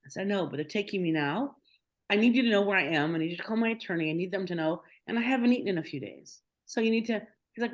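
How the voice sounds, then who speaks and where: A woman's voice: medium pitch, fast. A middle-aged woman, a podcast guest, retelling a personal story with feeling, acting out quoted dialogue and often restarting her sentences.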